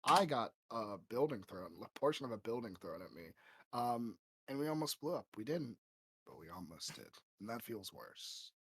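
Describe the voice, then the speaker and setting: A man playing a tabletop game, excitable and laughing, often restarting his sentences. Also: medium pitch, normal speed, husky, no echo. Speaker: player. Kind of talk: casual tabletop role-play.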